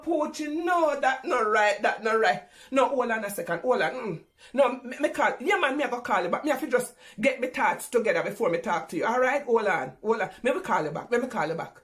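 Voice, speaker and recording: A woman's voice: high voice, a bit bright. Theatrical Jamaican woman, comic monologue. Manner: theatrical, exclaiming, talks to God and phone. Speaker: comedy performer.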